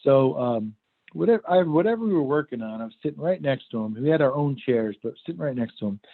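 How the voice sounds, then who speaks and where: A man's voice: mid-range voice, lively intonation, fast, vocal fry. A middle-aged man giving a workshop talk and telling a story in an easy, conversational way. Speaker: workshop presenter. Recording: phone-like video call audio.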